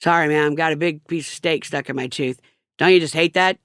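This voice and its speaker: A woman's voice: deep voice, fairly quick, fairly bright tone, dry recording, clean studio sound, pitched below the performer's own voice. A woman voicing a greasy, folksy male motel clerk in an audiobook-style story. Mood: offhand. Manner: folksy, offhand.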